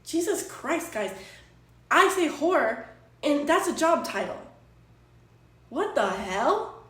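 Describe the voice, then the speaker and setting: A Twitch streamer talks casually to her chat from an apartment room, exasperated and rambling as she defends herself with plenty of swearing. Her voice is high and a bit bright, with big pitch swings and a slow pace. The room is echoey and she sits distant from the mic.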